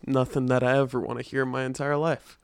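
A man's voice: mid-range voice, level tone, quick pace, clean tone, no echo, clean studio sound. A man co-hosting a casual podcast, talking in a loose, giggly, laid-back way. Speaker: podcast co-host.

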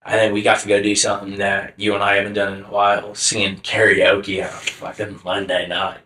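A man's voice: on the low side, completely flat delivery, brisk, pushed and bright, reverberant. A young man co-hosting a casual podcast chat, rambling with lots of filler words and swearing. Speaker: podcast co-host.

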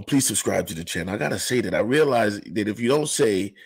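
A man giving rambling, animated commentary to camera, full of "you know" asides. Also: lowish voice, brisk, gravelly, slightly rough. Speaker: commentary vlogger. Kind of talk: casual ranting commentary.

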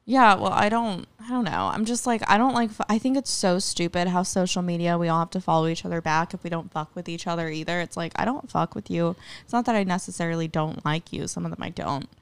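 A woman's voice: fairly low pitch, fast talker, clean tone, no room sound. A young woman, chatting bluntly and swearing freely. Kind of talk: casual chat.

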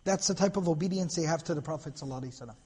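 High-pitched husky male lecturer in hall. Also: racing. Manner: animated storytelling with Arabic quotations. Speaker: lecturer on Islamic history. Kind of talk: religious lecture storytelling. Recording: long hall reverb.

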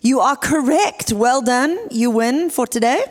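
A woman in her thirties with a South African accent, preaching a sermon as a guest speaker in a lively, chatty way. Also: sits high, a little slow. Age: 30s. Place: church sanctuary. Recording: church hall with long reverb.

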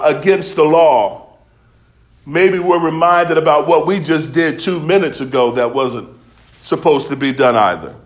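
A man preaching a sermon, telling stories in a loose, conversational way with laughs along the way. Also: a little high. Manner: storytelling, conversational, with dialect and laughs.

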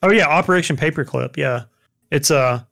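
A man's voice: a little high, moderate pace, creaky, a bit bright. A young man chatting casually about films, rambling with lots of fillers and restarts.

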